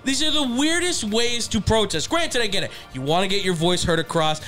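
High-voiced animated man chatting sports. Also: a little fast, soft background music. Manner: animated, rambling, laughs often. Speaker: podcast co-host. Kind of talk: casual sports chat.

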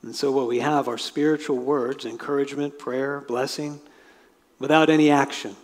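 Pastor preaching in an echoing hall. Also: male voice, medium pitch, fairly even intonation, moderate pace. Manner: conversational, explains with asides. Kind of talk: sermon. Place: church sanctuary. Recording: long reverb of a large hall.

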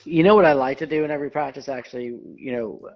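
A man who directs tennis, a guest in a casual interview who tells relaxed stories and gives quick affirmations. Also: on the high side. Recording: dull lo-fi recording.

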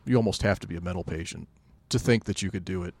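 A man co-hosting a podcast in casual chat, telling stories in a relaxed way with dry jokes. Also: deep voice, fast. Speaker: podcast co-host.

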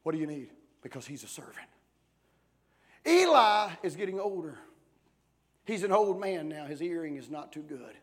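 A pastor in his forties preaching a sermon, swinging between hushed talk and shouting, with many "uh" fillers between phrases. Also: a little high, big pitch swings, normal speed, pauses often. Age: 40s.

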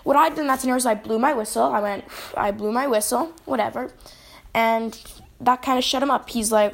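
Woman, hockey referee, casual advice, slightly high voice, vocal fry. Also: fairly quick. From British Columbia, Canada. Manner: chatty, leans on "basically" and "right?".

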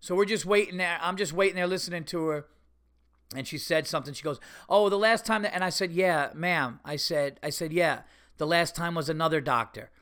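A man's voice: on the high side, brisk, fairly bright tone. A man hosting a podcast, telling a story in a heated, profane rant and mimicking the people in it. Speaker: podcast host. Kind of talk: ranting monologue.

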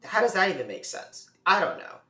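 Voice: medium pitch, very animated, brisk, sharp tone. Easygoing podcast co-host in an echoey room. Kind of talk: casual podcast chat.

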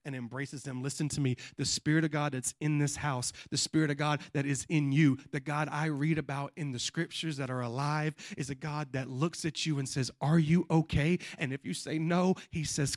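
A male pastor preaching a sermon in church, telling a family story with lively animation and often dropping to a hush before building up to a shout, with repeated asides like "watch this.". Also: on the high side, no echo, clean studio sound. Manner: repeats catchphrases like "watch this" and "you know what I mean".

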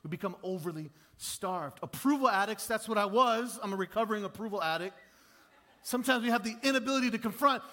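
A man's voice: sits high, quick pace, a bit bright. A male pastor preaching a conversational, self-deprecating sermon in a church, acting out the voices he quotes.

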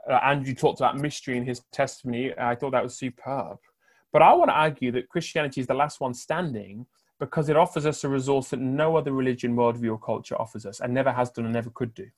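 Middle-aged guy preaching, fired up, repeats lines for effect, goes loud then quiet. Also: mid-range voice, steady tone, quick pace. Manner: impassioned, rhetorical repetition, swings between loud and hushed. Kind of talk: sermon.

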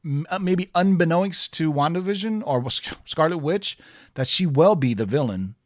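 A man's voice: on the high side, lively intonation, moderate pace, no echo. A man co-hosting a casual chat, enthusiastic and rambling, full of fillers and restarts. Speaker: podcast co-host.

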